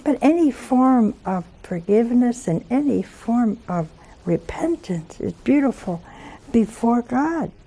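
Gravelly-voiced woman giving a homily. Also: fairly high pitch, animated, measured pace. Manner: conversational storytelling with gentle humor. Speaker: Catholic religious speaker. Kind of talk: homily with anecdotes.

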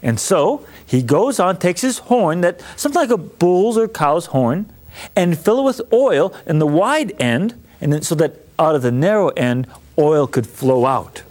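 A man's voice: fairly high pitch, very animated, unhurried, a little mellow. A man who is a priest giving a Bible lesson, teaching in an enthusiastic, conversational way.

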